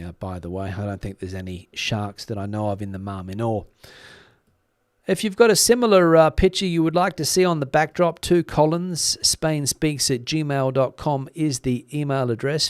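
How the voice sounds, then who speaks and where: A man's voice: medium pitch, no echo, studio quality. A man hosting a live stream, chatting casually with viewers, with frequent fillers and a slightly worn voice. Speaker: YouTube news channel host.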